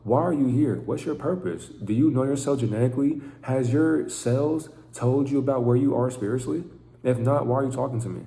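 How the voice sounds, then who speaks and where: A man's voice: mid-range voice, a little fast, gravelly, warm tone, roomy sound. A man giving an intense, profane, preaching monologue to camera as a vlogger.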